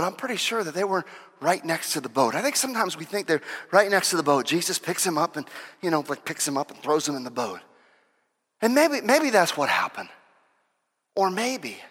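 A man preaching a sermon in an animated way, stumbling over restarts and acting out the quotes he tells. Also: on the high side. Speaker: pastor. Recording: long reverb of a large hall.

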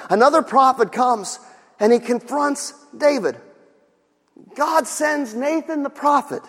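A man preaching a sermon, animated, repeating words, going soft for storytelling and rising to shouts. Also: very high-pitched, in a large hall. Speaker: pastor.

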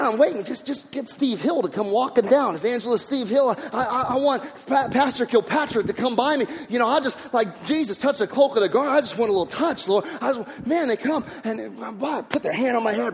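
A man preaching a sermon, telling stories in an animated way with many restarts and repeated words. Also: extremely high pitch, in a large hall. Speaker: pastor.

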